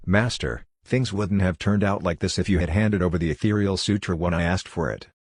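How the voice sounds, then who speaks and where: A man's voice: low voice, a little fast, dry recording, studio quality. A man reading a smirking, savage traitor disciple. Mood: scornful. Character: scheming young male traitor disciple, arrogant.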